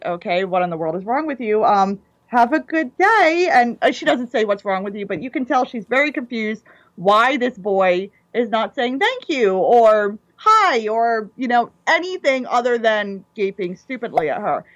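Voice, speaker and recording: Eager high-voiced woman, dull recording. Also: no room sound. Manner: enthusiastic, animated retelling of scenes. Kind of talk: casual chat.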